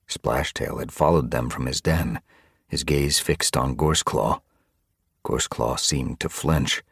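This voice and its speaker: A man narrating an audiobook with expressive, dramatic storytelling. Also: a bass voice, measured pace, gravelly, slightly rough, no room sound, studio quality. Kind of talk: scripted narration.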